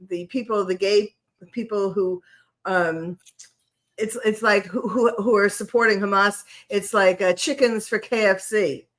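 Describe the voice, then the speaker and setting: A woman who is a psychiatrist, appearing as a guest on a talk stream and answering in a hesitant, halting way. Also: medium pitch, fairly bright tone. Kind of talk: interview.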